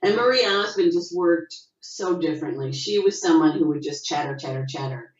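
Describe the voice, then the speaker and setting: A middle-aged woman, an actress, telling stories in a casual interview over a video call, acting out quotes with a lifted voice. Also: fairly quick. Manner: animated storyteller, acts out quotes with rising pitch. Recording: dull, roomy video call audio.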